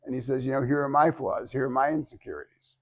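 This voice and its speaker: A man's voice: medium pitch, fast. A man teaching a public speaking class, talking casually and animatedly, acting out quoted voices and swearing freely. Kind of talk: informal class lecture.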